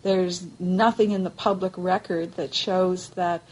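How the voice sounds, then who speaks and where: A woman with a fairly low voice answers interview questions for an advocacy group. She is firm and dismissive in tone. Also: fairly even intonation, a little slow, darkish tone, husky, rough recording.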